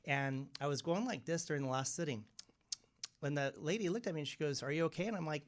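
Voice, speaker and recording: A man, a guest medium, talking casually in an interview and telling animated stories, often acting out the people he quotes. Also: fairly high pitch, fairly quick.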